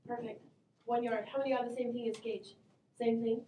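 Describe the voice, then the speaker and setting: A woman math teacher runs her class in a fairly high, mellow voice, brisk and upbeat. She asks questions and calls on students one after another. The sound is roomy and distant, with a faint hum behind her. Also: fairly even intonation. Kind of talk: classroom instruction. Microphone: distant camera mic.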